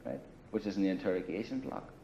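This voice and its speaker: An older former paramilitary from Ireland recounts his past in a low, mellow voice, talking fast. His storytelling is casual and blunt, full of swearing and "you know." The recording is slightly muffled with slight background noise.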